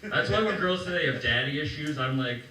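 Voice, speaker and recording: A man's voice: fairly high pitch, lively intonation, a little fast, pushed and bright, distant mic, slight background noise. Young man doing stand-up in an echoey club. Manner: joking, loose, chatty with the crowd. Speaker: stand-up comedian. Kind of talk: stand-up set. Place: comedy club stage, crowd laughing. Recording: roomy live club sound from afar.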